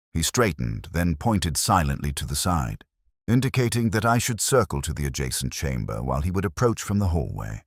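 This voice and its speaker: A man narrating a detective tale in a measured, scripted style. His voice is extremely deep but moves lively through its pitch. The sound is dry, close, and free of room echo. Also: creaky. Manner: measured storytelling.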